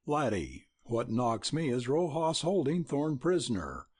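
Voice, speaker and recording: A blustering older rancher holds forth in a rolling voice, as a male narrator plays him. The tone is husky and the pitch moves a lot. It is an audiobook reading. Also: big pitch swings, a little slow, a little mellow. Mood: heated.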